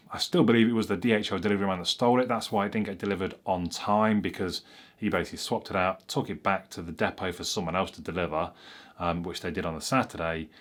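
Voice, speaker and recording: A man with a fairly low voice recounts his experience to camera in a loose, chatty way. He rambles, and he restarts or corrects himself as he goes. It sounds like an unscripted tech vlog. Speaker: tech reviewer. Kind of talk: casual storytelling to camera.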